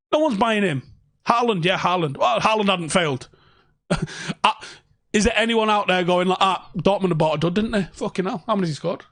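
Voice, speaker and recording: A young man rants through a casual livestream from his home. He swears freely and talks sarcastically. His voice sits a little higher than most men's. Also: a bit bright, no room sound. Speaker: fan channel host.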